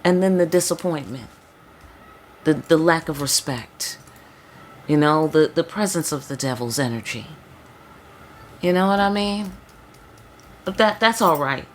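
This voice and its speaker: A woman's voice: deep voice, lively intonation, unhurried, long pauses, slight background noise. A woman giving a casual spiritual tarot reading, talking loosely in slang, with frequent emphatic check-ins to her listeners. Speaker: tarot reader.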